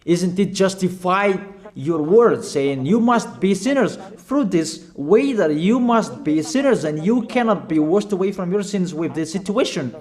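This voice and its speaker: A man preaching a sermon in halting, non-fluent English, urging his listeners with short, repeated calls. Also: high-pitched, lively intonation. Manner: emphatic, repetitive exhortation in non-fluent English.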